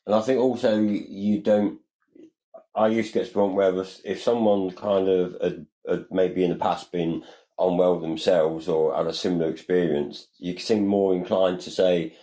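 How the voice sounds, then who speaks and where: A man's voice: deep voice, steady tone, normal speed, mellow, poor audio. A man co-hosting a podcast, talking in a loose, rambling and earnest way, often saying "you know" and "like". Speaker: podcast co-host. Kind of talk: casual chat.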